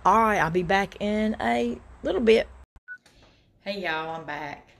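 A woman's voice: mid-range voice, unhurried, creaky, fairly bright tone, a little hiss or hum. A middle-aged woman with a Southern US accent, chatting casually to her viewers in a thrift-shopping vlog. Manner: chatty, drawling, addresses viewers as y'all. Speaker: vlogger.

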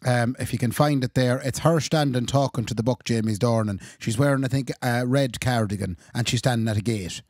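A man's voice: mid-range voice, fairly quick, hardly any pauses, darkish tone, dry recording, studio quality. An Irish man co-hosting a podcast, chatting casually with jokey asides. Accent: Irish, west of Ireland. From Ireland. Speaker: podcast co-host. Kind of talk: casual chat.

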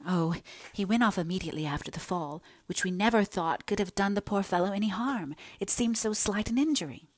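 A woman's voice: medium pitch, fairly quick, darkish tone, dry recording, natural voice. A woman voicing an earnest, remorseful young woman in an audiobook, confessing in an emotional, pleading way. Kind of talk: audiobook character reading.

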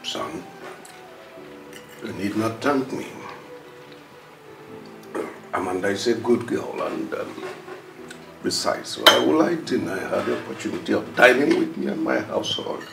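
A Nigerian actor playing a gentle older king speaking calmly at a family meal. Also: lowish voice, unhurried, long pauses. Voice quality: gravelly, calm. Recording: roomy, distant with music.

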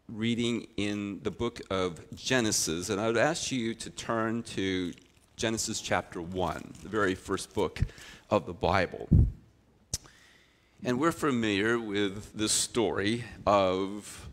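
A middle-aged man, a pastor, preaching a sermon with expressive storytelling that swings from loud to quiet. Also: fairly low pitch.

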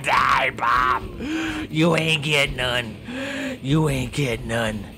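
A man voicing a hot-tempered male brawler who yells and taunts. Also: mid-range voice, unhurried, noisy background, close to an everyday voice. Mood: angry. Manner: yelling, taunting.

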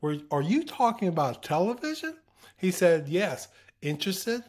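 A man's voice: high-pitched, sing-song, moderate pace, darkish tone. A man guest in a casual interview, telling anecdotes, acting out quoted voices and laughing often. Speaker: interview guest, former TV broadcaster.

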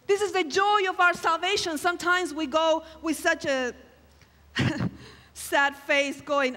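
A woman's voice: very high voice, steady tone, a little slow, pushed and bright, in a large hall. A woman preaching a sermon at a camp meeting, emphatic and exclamatory, acting out quoted lines with dramatic flair. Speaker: guest preacher. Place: large hall at a camp meeting.

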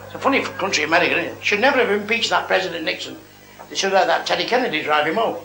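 A man's voice: sits high, animated, rapid-fire, creaky, over music. A man doing a live stand-up club set, telling blunt, crude jokes full of swearing and ribbing hecklers, in an echoey live club recording. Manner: blunt, crude, swearing joke-teller who ribs hecklers. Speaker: stand-up comedian.

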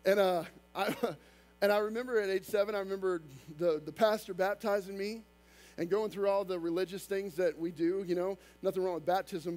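A male pastor preaching a sermon, talking fast and emphatic, with casual asides to the congregation. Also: high voice, a little mellow.

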